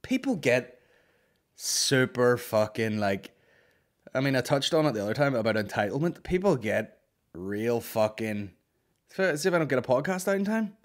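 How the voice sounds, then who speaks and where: A young man hosts a comedy podcast and speaks straight into a close microphone. His voice sits at an ordinary middle pitch. He rants in an exasperated way, peppers every sentence with curses, and slips in quick mock exchanges. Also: big pitch swings. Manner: heavy swearing, exasperated ranting, quick acted-out quips. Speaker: podcast host. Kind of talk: casual comedic rant. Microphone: studio podcast microphone.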